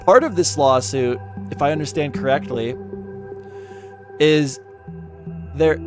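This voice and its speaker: A man giving casual reaction commentary, reading out legal text with exasperation, stumbling and swearing. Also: on the high side. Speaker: commentary YouTuber. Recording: music playing behind the voice.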